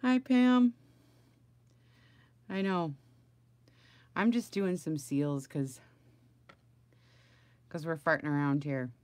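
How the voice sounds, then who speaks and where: A middle-aged woman with a lowish voice chats on a crafting livestream from home, rambling along and greeting viewers by name. The sound is close and dry, with no room echo. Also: slow, long pauses, a little mellow. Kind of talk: casual livestream chat with viewers.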